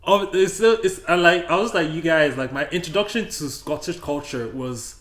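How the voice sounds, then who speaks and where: A man's voice: on the high side, normal speed, a bit bright. A man co-hosting a podcast in casual chat, laughing often and rambling through restarts. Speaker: podcast co-host.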